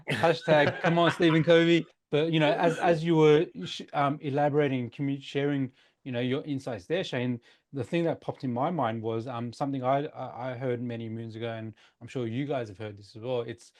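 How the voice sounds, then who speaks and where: A man's voice: mid-range voice, steady tone, brisk, a little mellow. A man hosting a casual podcast discussion, upbeat, steering topics and handing questions to his co-hosts. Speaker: podcast host.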